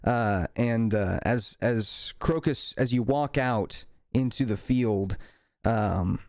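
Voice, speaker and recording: A man runs a tabletop fantasy game as its game master, narrating the scene. He speaks slowly and haltingly, pausing on fillers. His voice sounds dry and close to the mic. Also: mid-range voice, darkish tone, no echo.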